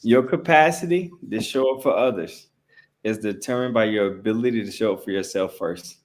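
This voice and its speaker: Man, podcast co-host, low voice, emphatic, preachy, repeats himself. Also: moderate pace. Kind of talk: casual podcast chat.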